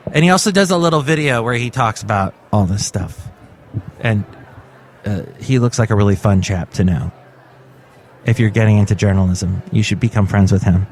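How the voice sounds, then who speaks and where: A California man hosts his own podcast, chatting casually in a fairly low voice over a little hiss or hum. In this solo show he rambles through asides and promotional plugs.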